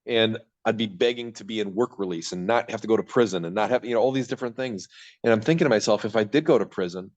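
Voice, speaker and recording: Talking fast in a fairly low voice, a thirtysomething Michigan man gives a candid account of his life on a podcast. He rambles, breaks off mid-thought, and acts out his past thinking, all in dull lo-fi audio.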